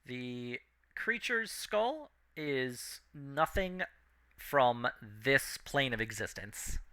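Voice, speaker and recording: A man narrating as game master, giving steady descriptions with casual fillers. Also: mid-range voice, very slow, clear, resonant tone.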